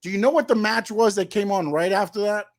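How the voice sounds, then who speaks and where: A man co-hosting a casual wrestling podcast, skeptical and argumentative, firing back quick questions. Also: high-pitched, steady tone. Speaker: co-host.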